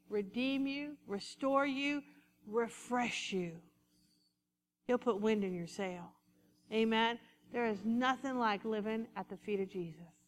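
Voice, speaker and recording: Woman preacher, lively and conversational; high voice in a reverberant hall. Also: slight background noise. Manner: animated, conversational preaching with acted-out asides. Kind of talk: sermon.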